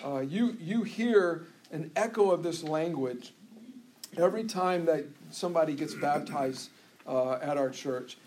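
A man's voice: a little high, unhurried, a little mellow, a little hiss or hum. A pastor preaching a conversational sermon to his church, with frequent restarts and asides.

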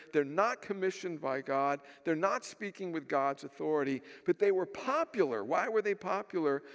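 A man's voice: high voice, big-room sound. A man preaching a sermon, telling stories and asking rhetorical questions, acting out the voices of the people he quotes. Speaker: pastor.

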